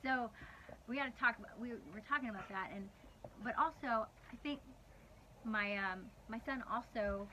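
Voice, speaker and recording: A woman's voice: on the high side, moderate pace, pushed and bright, a little hiss or hum. A woman in her thirties leading a livestreamed church devotional, telling a personal story in a rambling, candid way and laughing often mid-sentence. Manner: rambling, conversational storytelling with many restarts. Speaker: worship leader sharing a devotional.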